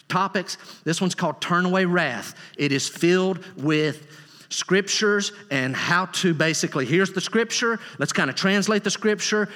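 A male pastor delivers a sermon with earnest, emphatic repetition. His voice is bright and forceful, sitting a little high for a man. It rings out through a church hall with a long reverb tail. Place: church sanctuary.

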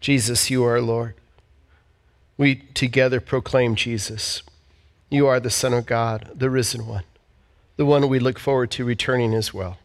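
A man's voice: mid-range voice, fairly even intonation, normal speed, pauses often. A man leading a heartfelt sermon and prayer in church, speaking earnestly and repeating phrases. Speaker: pastor.

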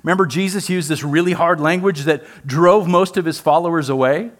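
A male pastor gives a sermon with a slightly high-pitched voice. He talks conversationally, asks the congregation question after question, and now and then steps aside for a playful remark. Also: brisk. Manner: conversational preaching with rhetorical questions.

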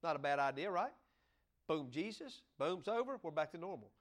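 A man with a high voice and a drawl preaches to his church. He talks in a folksy, joking way and now and then bursts out loud. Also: animated, moderate pace. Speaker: pastor. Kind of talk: sermon.

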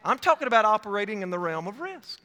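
A man with a bright, ringing, fairly high voice preaches an evangelistic sermon, surging loud and then dropping low as he retells his own story. His words carry a long reverb from the church sanctuary where he stands. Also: very animated, quick pace. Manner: dynamic preaching with sharp swings in loudness and frequent self-quotation.

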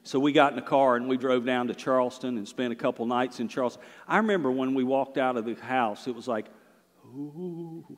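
A middle-aged man, a pastor preaching a sermon, swinging between loud and hushed delivery. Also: mid-range voice, fast, hardly any pauses, big-room sound.

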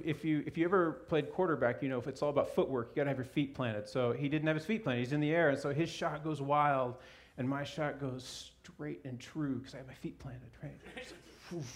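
A male pastor from Alaska delivering a sermon, telling a lively personal anecdote and chuckling as he goes. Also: mid-range voice. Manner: animated storyteller, chuckling through his own anecdote. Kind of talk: sermon with a humorous personal story.

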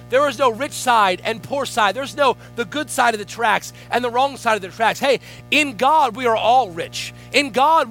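A man with a high, bright voice preaches with fervent energy, calling out to the congregation as he builds. Soft music sits behind him. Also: rough recording. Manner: fervent preaching with rising call-outs. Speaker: guest pastor. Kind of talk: sermon.

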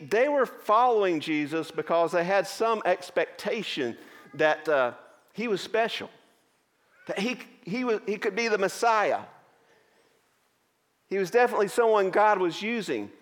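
Guy preaching a sermon, a bit high voice, long church echo, earnest, lots of pauses. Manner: earnest, explaining scripture with many pauses. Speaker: pastor. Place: church sanctuary.

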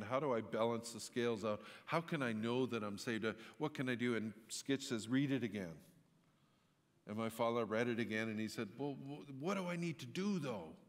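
A man's voice: fairly low pitch, in a large hall. A man preaching a sermon in a church, telling a story in a conversational way and rising into emphatic outbursts. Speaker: pastor.

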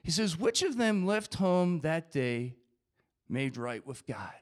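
A man's voice: a little high, sing-song, slow. A man preaching a sermon, reading scripture aloud and acting out the voices of the crowd.

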